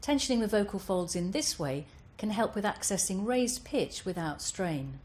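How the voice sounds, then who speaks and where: A woman voice coach giving calm, careful instructions over vocal exercises. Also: medium pitch, normal speed, few pauses.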